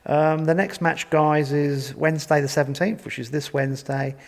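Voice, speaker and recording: Gravelly guy reading out results on a podcast, long room echo. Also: fairly high pitch, level tone, normal speed. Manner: reads results plainly, chatty asides. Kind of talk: casual chat.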